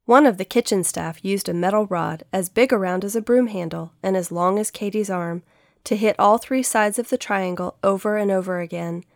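A woman narrating a children's audiobook in a gentle, steady reading manner. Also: mid-range voice, dry recording, clean studio sound. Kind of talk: scripted storybook narration.

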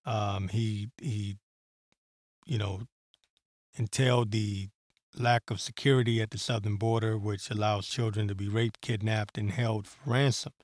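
A man's voice: on the low side, fairly even intonation, unhurried, dry recording. A man hosting a solo podcast, talking in a rambling, heated way with profanity and many fillers. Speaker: podcast host. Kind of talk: solo political commentary.

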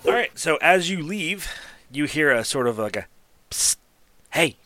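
A man narrating a tabletop game as game master, in a relaxed, rambling, descriptive way. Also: on the high side, moderate pace, a little hiss or hum. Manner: relaxed, casual, descriptive, lots of "sort of" and "like".

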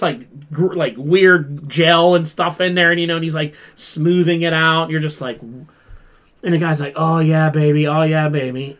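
A man hosting a casual pop culture talk, animated, acting out quoted lines and swearing freely. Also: a little high. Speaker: podcast host. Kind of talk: casual chat.

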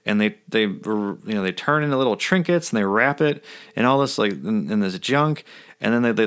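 A man's voice: mid-range voice, gravelly, fairly bright tone. A man giving a casual explainer over his own drawings, blunt and sardonic, with some swearing. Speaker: video essayist.

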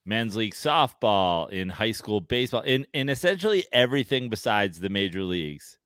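A man's voice: on the low side, sing-song, normal speed, fairly bright tone, clear, resonant tone, no echo, clean studio sound. A man co-hosting a podcast, cutting into the talk to ask questions. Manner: inquisitive, cuts in with questions. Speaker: podcast co-host. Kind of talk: casual chat.

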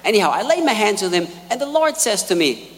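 A man preaches a sermon with lively storytelling, his pitch swinging widely. He acts out the quotes in his stories. His voice rings in a hall with a long reverb. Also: fast talker. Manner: animated storytelling, acting out quotes.

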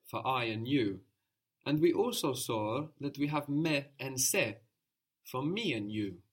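A man's voice: mid-range voice, breathy edge. A man teaching a language lesson, explaining step by step and repeating the learner's answers patiently.

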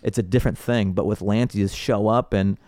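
A man with a fairly low voice tells stories on a podcast, loose and animated, breaking into laughter between phrases. The recording is dry and close, with no room sound. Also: brisk, no room sound. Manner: animated, laughs often mid-sentence. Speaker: comedian guest. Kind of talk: casual podcast storytelling.

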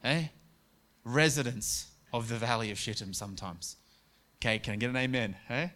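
A man preaching a sermon in a conversational way, dropping to soft, quiet tones when he speaks God's words. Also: medium pitch, normal speed. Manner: conversational preaching, quotes God and Joshua, drops to soft tones.

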